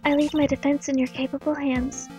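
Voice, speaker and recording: A man voicing a gentle young nun in a high falsetto for a video game playthrough. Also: level tone, a little fast, faint music behind. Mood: polite. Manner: polite, humble.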